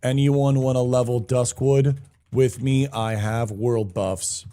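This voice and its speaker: A man's voice: mid-range voice, steady tone, takes it slowly, dark tone. A young man live-streaming a game, chatting casually, greeting viewers by name and swearing now and then in a hyped-up way.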